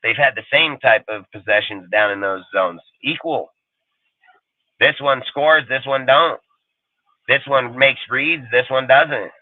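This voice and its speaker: A man's voice: mid-range voice, a little slow, no room sound. A man hosting a sports talk show, ranting heatedly with constant swearing and emphatic repetition. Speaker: sports podcast host. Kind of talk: heated casual rant. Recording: dry, phone-like line.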